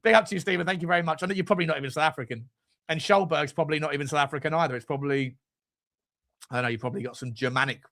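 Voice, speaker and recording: Rambling, sweary host. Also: male voice, on the high side, rapid-fire, fairly bright tone. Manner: rambling, sweary, tangent-prone. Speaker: fan channel host. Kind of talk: live stream chat reading super chats.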